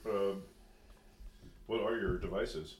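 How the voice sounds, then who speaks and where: A man running a tabletop game, asking a player questions in a relaxed, joking way. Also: on the low side, slow pace, recorded from a distance. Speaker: game master. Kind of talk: casual tabletop game chat. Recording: echoey room, faint noise.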